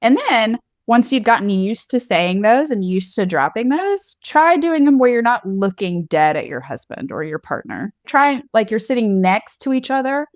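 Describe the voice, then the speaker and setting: A woman's voice: fairly high pitch, big pitch swings, moderate pace, hardly any pauses, no echo, clean studio sound. A woman co-hosting a podcast in casual chat, candid and playful, often laughing. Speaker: podcast co-host.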